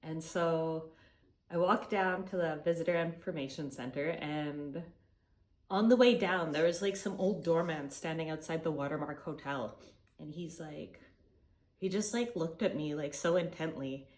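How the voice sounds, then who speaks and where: A woman's voice: deep voice, a little slow, a little mellow. A young woman from Canada telling a travel story in a chatty vlog, swearing freely and acting out what people said. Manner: chatty, swears freely, retells dialogue animatedly. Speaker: travel vlogger.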